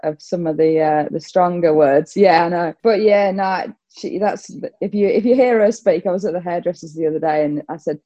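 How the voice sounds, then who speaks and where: A young Yorkshire woman with a light Australian twang talks in a chatty, upbeat way, laughing easily. Her voice is low and mellow, heard over a dull, dry remote line. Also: moderate pace, hardly any pauses, dry recording. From Yorkshire, England. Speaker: guest cricketer. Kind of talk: casual interview chat.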